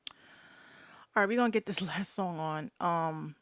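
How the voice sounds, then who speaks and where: A woman's voice: fairly low pitch, measured pace, a bit bright, dry recording. A woman with a Bronx accent hosting a live podcast, ranting bluntly and swearing freely from home. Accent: New York, Bronx. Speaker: host. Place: home room with air conditioner running.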